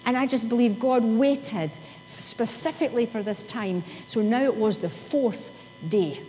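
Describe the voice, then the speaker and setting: High-voiced woman preaching in a hall. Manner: emphatic, with sudden drops to soft slow reading. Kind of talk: sermon. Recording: long hall reverb, faint hum.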